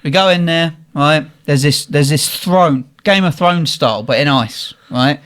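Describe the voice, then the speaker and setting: A young man, animated and swearing as he tells a funny story in casual chat. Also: on the high side, unhurried. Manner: animated, swearing, laughing at his own story. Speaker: guest telling a story.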